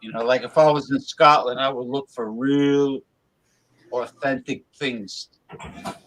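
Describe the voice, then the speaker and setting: A man chatting casually on a group call, halting often with fillers as he talks. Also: mid-range voice, steady tone, a bit bright, rough recording. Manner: hesitant, halting with many fillers. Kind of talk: casual chat.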